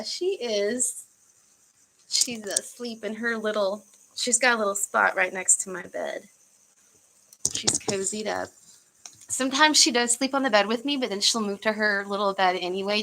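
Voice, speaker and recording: A woman's voice: medium pitch, creaky, pushed and bright, poor audio. A young woman from the United States chatting casually on a livestream, rambling with fillers and easy laughs. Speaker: livestream host.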